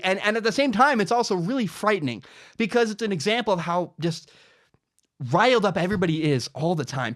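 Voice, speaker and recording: Impassioned young man with a lively voice. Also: high voice. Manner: animated, impassioned, repeats himself. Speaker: podcast host giving his opinion. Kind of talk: opinion monologue.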